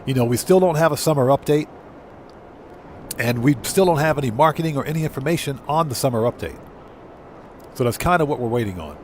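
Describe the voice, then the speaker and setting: With a mid-range, animated voice, a man streams a video game live, talking fairly quickly but pausing often as he reads chat. The GTA content creator keeps things relaxed and rambling, packed with fillers and self-corrections, over a slight hiss or hum.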